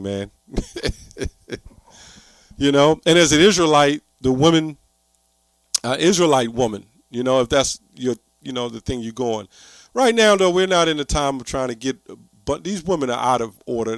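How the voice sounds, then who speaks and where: A man's voice: medium pitch, lively intonation, normal speed, long pauses, no echo. A man giving preachy online commentary, reading scripture aloud in an emphatic, repetitive way that keeps rising into heated outbursts.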